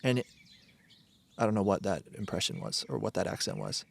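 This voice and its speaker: A man's voice: mid-range voice, expressive, fast, creaky. A man hosting a solo podcast, rambling and swearing, often breaking off mid-sentence to start again. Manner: digressive, profane, self-interrupting. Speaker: podcast host.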